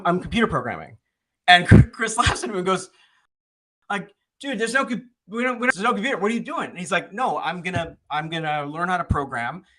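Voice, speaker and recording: Animated man telling a story. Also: on the high side. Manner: animated, conversational, many fillers and restarts. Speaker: author being interviewed. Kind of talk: casual storytelling.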